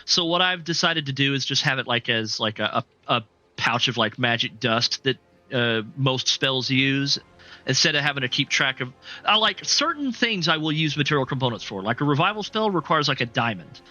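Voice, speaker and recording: A man's voice: medium pitch, expressive, moderate pace, sharp tone, faint music behind. A man acting as game master on a live-streamed tabletop game, talking casually with lots of fillers and easy laughs. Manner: rambling, heavy with fillers, laughs often.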